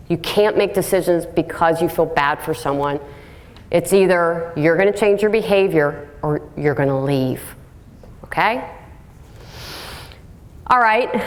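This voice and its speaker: Woman giving a lively live talk. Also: on the low side. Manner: lively storytelling, acts out quotes; direct, plain-spoken. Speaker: workplace speaker.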